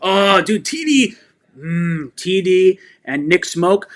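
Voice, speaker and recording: A man hosting a live fan stream who reads viewer comments and gets excitable and fired up, laughing and shouting. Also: sits high, slow. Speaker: sports fan channel host.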